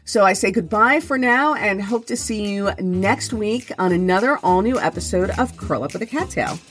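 A woman's voice: mid-range voice, animated, normal speed, a bit bright. A woman podcast host reading her own humorous essay aloud in a wry, mock-dramatic way, then chatting casually in her morning voice. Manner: chatty with restarts when speaking off the page. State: first-thing-in-the-morning voice.

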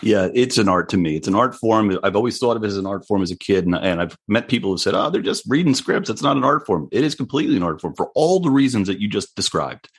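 A man with a husky, lower-pitched voice hosts a podcast interview. He talks quickly and asks eager questions, his tone swinging with enthusiasm. His delivery is casual and conversational. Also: lively intonation. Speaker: podcast host.

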